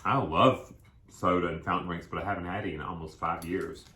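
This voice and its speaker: A man talks through a meal in a loose, rambling way, chewing between thoughts. His voice sits low, and the room around him rings with echo. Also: fairly even intonation, brisk, pushed and bright, slight background noise. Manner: chatty, rambling, talks with food in his mouth. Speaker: co-host of a food vlog. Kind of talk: casual mukbang chat while eating. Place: indoors at a table, eating. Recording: echoey room.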